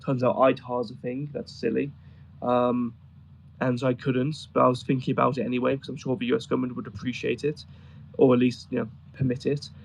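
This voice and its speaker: A man with a gravelly, rough-edged voice at a middling pitch, chatting casually. He tells rambling, amused stories full of ums and uhs. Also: flat delivery, brisk, a little hiss or hum, low-quality recording. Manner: rambling, amused storytelling with many fillers. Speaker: guest describing travels in Afghanistan. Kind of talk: casual conversation on a voice chat.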